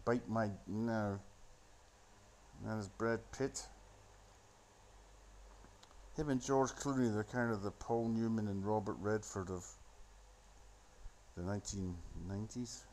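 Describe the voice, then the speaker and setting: A man's voice: on the low side, steady tone, unhurried, pauses often, a little mellow, a little hiss or hum. A man rambling into a phone, giving a sardonic, profane running commentary on a film. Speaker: solo commentator.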